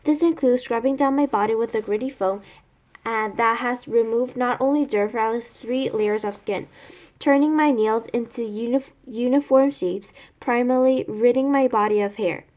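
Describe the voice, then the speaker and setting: A woman reads a novel aloud in first person with a steady delivery. She makes small slips and corrects herself as she goes. Her voice sits somewhat high. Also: normal speed. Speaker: reader.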